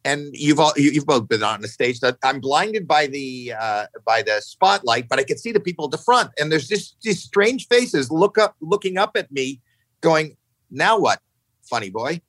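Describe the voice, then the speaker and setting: Man in his 60s, lively storyteller. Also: normal speed, dry recording, low-quality recording. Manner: animated, acts out quotes with jumps in pitch; swears casually, frequent restarts. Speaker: podcast guest. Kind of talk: casual storytelling chat.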